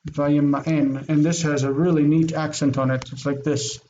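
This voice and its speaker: A man teaching a Biblical Hebrew lesson, reading verses aloud and translating them, repeating key phrases slowly. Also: fairly high pitch, little pitch movement, dark tone, lo-fi sound.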